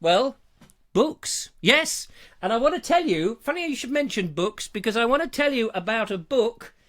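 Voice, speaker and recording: Man, live-stream host, high lively voice, jokey, theatrical, self-mocking. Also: a little fast. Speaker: host of a live online show. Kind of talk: casual live-stream chat.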